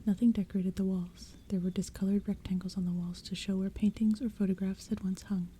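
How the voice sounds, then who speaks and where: A woman reading a storybook aloud as whispered role-play, in a soft, hushed, mostly unvoiced whisper, with faint rain behind her. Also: medium pitch, level tone, brisk, slight background noise. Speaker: ASMR audiobook reader. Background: soft rain and thunder.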